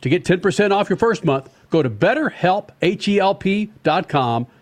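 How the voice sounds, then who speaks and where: A man's voice: high-pitched, expressive, normal speed. A man hosting a motorsports radio show, joking and laughing as he banters with his co-hosts. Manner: joking, laughs often, talks in bursts. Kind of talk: casual sports radio banter.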